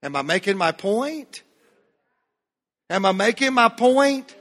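A man from the American South preaching a sermon to a church, shifting between loud shouts and hushed, drawn-out phrases. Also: sits high, very animated. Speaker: pastor. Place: church sanctuary. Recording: long hall reverb.

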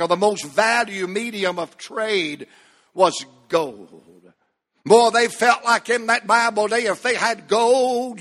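Male pastor, high bright voice, slow deliberate delivery, emphatic repetitive sermon cadence, reverberant church hall. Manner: emphatic preaching, repetitive cadence building to loud peaks. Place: church sanctuary.

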